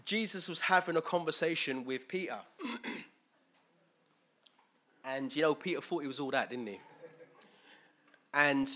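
A preacher delivers an informal, conversational sermon, often posing questions to his listeners and acting out the voices he quotes. His voice is a little high and sharp in tone, animated yet measured in pace, with long pauses.

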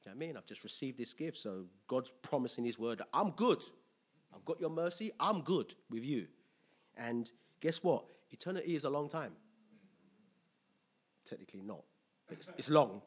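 A man preaching a conversational sermon, telling stories with lively impressions. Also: mid-range voice, normal speed, slightly rough. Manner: storytelling with animated impressions and laughter.

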